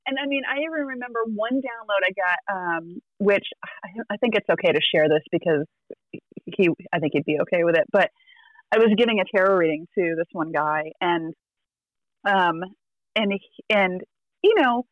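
A woman's voice: medium pitch, normal speed, no echo, muffled recording. A woman tarot reader telling a story in casual chat, acting out the quotes and laughing often.

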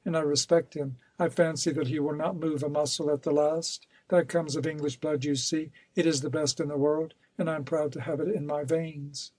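A man's voice: fairly high pitch, darkish tone, no echo, natural voice. Male narrator voicing a ruthless storybook villain: cold, insistent, wheedling; dry close recording. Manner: cold and insistent, turning coaxing. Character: scheming, ruthless male villain, pleading and menacing.

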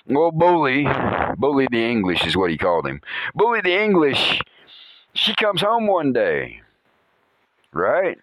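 A man's voice: medium pitch, wildly swooping pitch, slow pace, fairly bright tone, dry recording. A man hosting a podcast, telling rambling animal anecdotes in a casual way and chuckling often. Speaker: podcast host.

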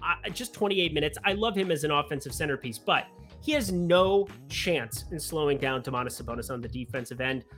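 A man's voice: fairly high pitch, fairly quick, faint music behind. A man hosting a casual sports betting show, chatting through his picks with joking asides about himself. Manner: animated, chatty, with self-mocking asides.

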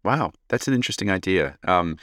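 A man's voice: low-pitched, expressive, fairly quick, a bit bright, dry recording. A man co-hosting a podcast, reading a listener's letter aloud in a playful, joking way and laughing often. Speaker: podcast co-host.

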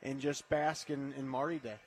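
A man's voice: mid-range voice, little pitch movement, normal speed, darkish tone, a little hiss or hum. A man co-hosting a casual radio talk show, speaking in a reflective, agreeable way. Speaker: radio co-host.

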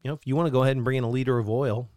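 A man co-hosting a podcast in relaxed casual chat, joking around and slipping into playful mock voices. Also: mid-range voice, rapid-fire, no room sound, clean studio sound. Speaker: podcast co-host.

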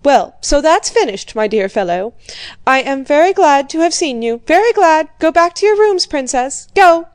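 A woman voicing an irritable, domineering old male prince who shouts. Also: sits high, a little slow, dry recording, voice pushed up. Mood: gruff shouting. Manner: shouting, blunt, impatient.

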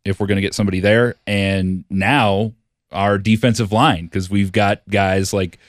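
A man co-hosting a podcast in casual sports chat, talking in halting bursts with restarts. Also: fairly low pitch, fairly even intonation, no room sound, studio quality.

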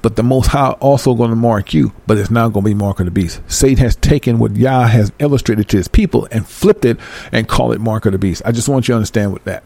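A man reading scripture aloud and breaking into fervent, emphatic commentary, talking excitedly like a Bible teacher. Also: medium pitch, vocal fry, no room sound. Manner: reads verses then breaks into fervent commentary; emphatic, animated, apologizes for going fast. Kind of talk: excited scripture study talk.

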